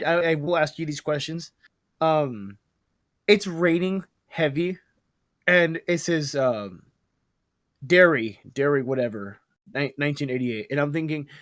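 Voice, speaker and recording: A man's voice: fairly high pitch, fairly bright tone, no room sound, clean studio sound. A young man hosting a podcast in casual chat, rambling, swearing freely and stumbling over his words. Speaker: podcast host.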